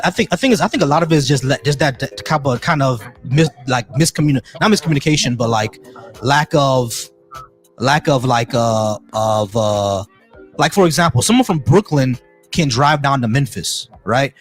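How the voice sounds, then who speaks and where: A man's voice: mid-range voice, normal speed, soft background music. A man hosting a podcast in casual chat, laid-back, laughing often and stumbling through restarts. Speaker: podcast host.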